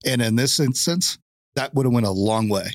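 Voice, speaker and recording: A man hosting a casual chat, speaking in a measured way and stating firm opinions. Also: mid-range voice, animated, dry recording.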